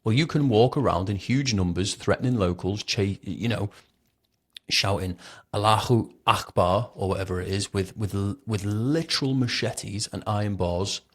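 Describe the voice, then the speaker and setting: A man's voice: fairly low pitch, normal speed, husky. A man hosting his own commentary show, talking in a blunt, indignant and mocking way. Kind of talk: opinionated commentary.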